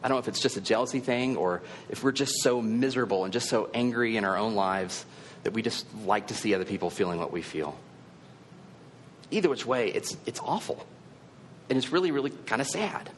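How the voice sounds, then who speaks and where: A man's voice: medium pitch, animated, a little fast, big-room sound, a little hiss or hum. A male preacher giving a sermon in a conversational, earnest storytelling manner.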